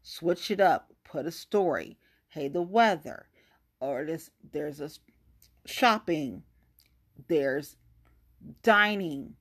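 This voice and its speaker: Woman, casual profane rant to camera, low voice with big pitch swings. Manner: profane, exasperated, talks to the viewer directly.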